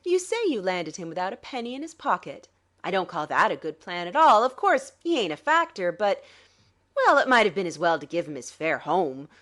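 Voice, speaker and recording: A cool, scheming male swindler, voiced by a woman narrator, dry and condescending. The delivery lilts up and down with animated sarcasm. Heard in a dramatic audiobook reading. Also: fairly low pitch, a little fast. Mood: smug.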